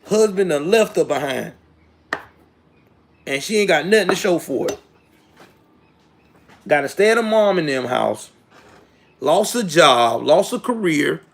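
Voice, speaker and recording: Animated, ranting man in his late thirties. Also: high voice, a little slow, vocal fry, long pauses. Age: late 30s. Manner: animated ranting, rising to indignant outbursts; casual, slangy talk addressed to viewers. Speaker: commentary show host. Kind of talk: live political commentary.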